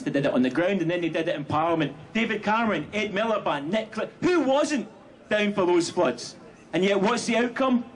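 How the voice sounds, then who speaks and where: A man giving a rally speech as a union speaker, shouting slogans with rhetorical fire. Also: high-pitched. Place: outdoor street rally. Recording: noisy outdoor rally audio.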